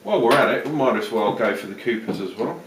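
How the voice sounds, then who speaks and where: A man's voice: fairly low pitch, lively intonation, fast talker, background noise. Man in a put-on Australian accent. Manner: chatty, jokey, rambling with fillers. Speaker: vlogger reviewing beer. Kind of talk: casual beer review vlog. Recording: roomy, distant home-video sound.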